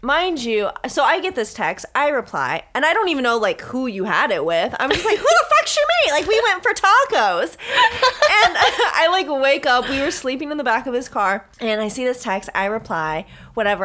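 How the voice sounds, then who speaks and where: A young woman in her twenties telling a story in casual chat, animated and laughing often as she acts out quotes. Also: a little high, normal speed.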